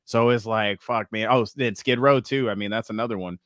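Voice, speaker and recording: A man's voice: lowish voice, fairly even intonation, a little fast, a bit bright, no echo, clean studio sound. A man co-hosting a podcast in casual chat, rambling and swearing freely. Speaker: podcast co-host.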